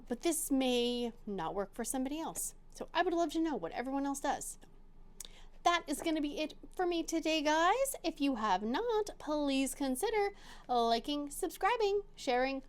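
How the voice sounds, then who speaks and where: Chatty crafty woman, high bouncy voice, takes her time, jokey. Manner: bubbly, chatty, self-mocking. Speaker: crafting channel host. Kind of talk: casual chat to camera.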